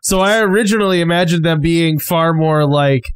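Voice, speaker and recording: Male game master, a little high-pitched, casual rambling talk with easy laughs, dry close mic. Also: moderate pace, clear, resonant tone, no room sound. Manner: laughs easily, rambling with many fillers. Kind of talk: casual podcast chat.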